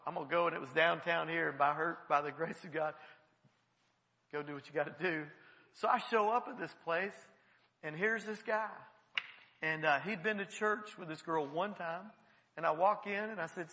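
A man's voice: a little high, moderate pace, gravelly. A man preaching a sermon in a church, telling stories and acting out the voices he quotes. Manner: animated storytelling, acts out quoted voices. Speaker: pastor. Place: large church hall. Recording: long hall reverb.

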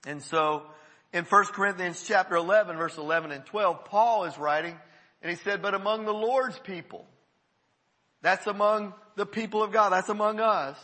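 Pastor guy preaching, kinda husky but bright, chatty and emphatic, big church reverb. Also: sits high. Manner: conversational preaching, emphatic, breaks into quoted voices. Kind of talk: sermon.

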